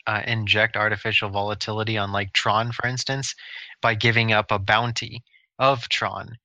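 A man's voice: fairly low pitch, little pitch movement, moderate pace, sharp tone, no echo. A man co-hosting a casual podcast, rambling loosely with lots of filler words. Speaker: co-host.

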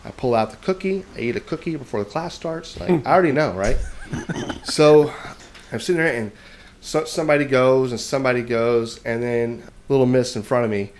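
A man's voice: mid-range voice, normal speed, slight background noise. A man telling a long story in casual podcast chat, rambling and self-mocking, often checking in with "right?".

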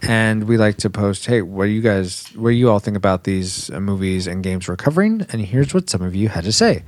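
Male podcast co-host, casual and animated, lively pitch, dry close mic. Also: a little fast, no echo. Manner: animated, laughs often, reads listener comments aloud.

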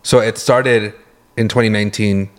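On the low side with fairly even intonation, this man speaks at normal speed. He co-hosts a podcast, works in the medical field, and spins meandering stories in casual conversation, frequently laughing and fixing his own words.

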